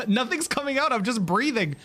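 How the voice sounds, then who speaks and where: A man streaming a video game live, reacting excitably with gasps and laughter as he comments. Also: extremely high pitch, normal speed. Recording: game music playing under the voice.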